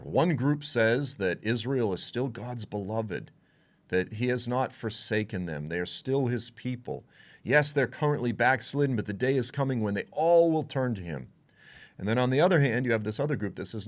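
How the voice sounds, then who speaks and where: A man giving a conversational Bible teaching, frank and animated, acting out what others would say. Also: mid-range voice, normal speed. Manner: animated, frank, with asides and quoted voices.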